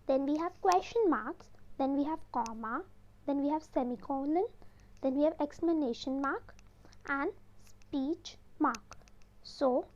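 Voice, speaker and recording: A woman's voice: high voice, a little mellow, poor audio. A woman teaching an exam-prep lesson from slides, explaining step by step. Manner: explains step by step, repeats "then we have".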